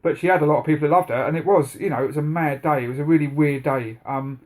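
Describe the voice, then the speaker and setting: A man's voice: fairly high pitch, fast talker, a little mellow. A man, co-hosting a podcast in casual chat, telling rambling stories and swearing a lot. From England. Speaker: podcast co-host.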